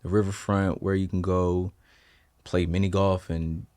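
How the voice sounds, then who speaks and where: A young man from Delaware with a slight Southern drawl, answering interview questions in a relaxed, easygoing way. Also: low-pitched, measured pace, no room sound, clean studio sound. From Delaware, USA. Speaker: musician guest.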